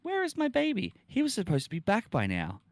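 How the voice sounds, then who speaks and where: A woman's voice: medium pitch, wildly swooping pitch, fairly quick, no echo, voice pushed up. A man voicing a worried young woman who waits alone in a car in a silly spooky story. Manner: anxious, earnest.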